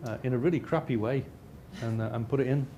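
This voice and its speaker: A man's voice: medium pitch, fast, dark tone, a little hiss or hum. Man lecturing with dry humour. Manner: frequent restarts, dry self-mocking humour. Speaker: lecturer and researcher. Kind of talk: lecture with slides.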